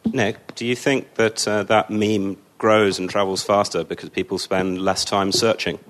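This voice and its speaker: A man's voice: on the low side, steady tone, a little slow, a bit bright. A man on a panel pressing a question insistently.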